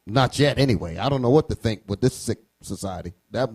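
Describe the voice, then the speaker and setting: A man's voice: on the low side, lively intonation, a little fast, a little mellow, husky. A man leading a classroom session, speaking emphatically and checking with his listeners as he goes. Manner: emphatic, checks the room with questions. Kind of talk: classroom teaching.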